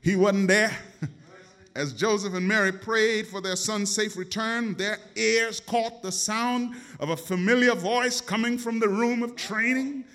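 With a high-pitched, somewhat bright voice, this preacher delivers his sermon unhurriedly. He is dramatic and emphatic, calling out questions for the congregation to answer.

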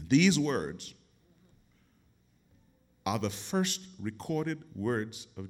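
A man's voice: fairly low pitch, sing-song, drawn-out words, pauses often. A man preaching a sermon, dramatic and emphatic, calling out questions to his congregation. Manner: dramatic, call-and-response, emphatic.

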